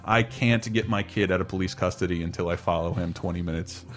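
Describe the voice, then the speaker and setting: A man in his thirties casually telling a long personal story on a podcast, animated and laughing, acting out quotes in a high voice. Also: a little fast. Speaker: podcast co-host.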